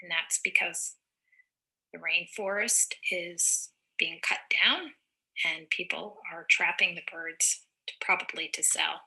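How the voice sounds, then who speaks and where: Teacher lady reading a kids book out loud, slow and encouraging, super bright voice with some vocal fry. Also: fairly low pitch, steady tone. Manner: slow, encouraging, explains words simply. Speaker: teacher reading aloud to children. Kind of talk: read-aloud lesson for young children.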